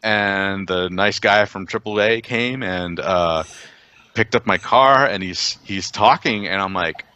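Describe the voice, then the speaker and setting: Deep, bright-toned man telling stories. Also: slow pace, clear, resonant tone, no room sound, highs cut off. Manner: animated storyteller, enthusiastic exclamations. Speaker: podcast co-host. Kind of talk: casual chat.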